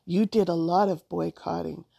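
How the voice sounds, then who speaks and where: A woman voicing an eager, outspoken young schoolgirl in a storybook reading, firing off quick questions. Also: on the low side, fairly even intonation, gravelly, dark tone, breathy edge, dry recording, clean studio sound, full character voice. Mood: curious.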